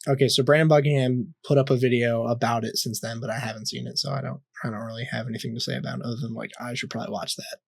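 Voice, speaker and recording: A man's voice: medium pitch, flat delivery, racing, creaky, hardly any pauses, husky, dry recording. Young male podcast co-host, loose rambling storyteller, swears freely, dry close sound. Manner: rambling, swears a lot, many fillers and restarts. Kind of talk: casual storytelling chat.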